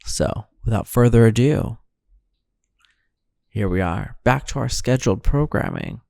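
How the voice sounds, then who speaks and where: A man hosting a podcast, talking solo in a groggy, deadpan, rambling way in the early morning. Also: medium pitch, unhurried, vocal fry, dry recording, clean studio sound. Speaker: podcast host. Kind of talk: solo intro monologue.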